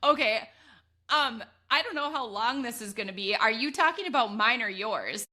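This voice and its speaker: Bright, animated woman telling a story. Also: a little high, moderate pace. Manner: animated, laughs often, acts out her own past voice. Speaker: podcast co-host. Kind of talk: casual chat, storytelling.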